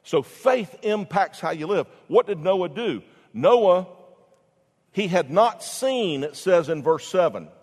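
A male pastor preaching a sermon in a fairly high voice, swelling loud on key words and then sinking to a murmur. He restarts phrases as he goes, and a long church reverb hangs after each line. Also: animated, slow pace.

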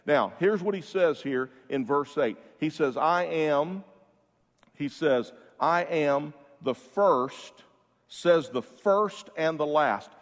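A man's voice: fairly high pitch, long reverb tail. A man preaching a sermon as pastor, building to emphatic rises and stretching out key words, with frequent restarts.

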